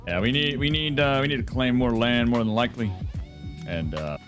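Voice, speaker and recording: A man's voice: mid-range voice, a little fast, fairly bright tone, faint music behind. A man in a role-play game, telling a rambling story casually with many fillers and restarts.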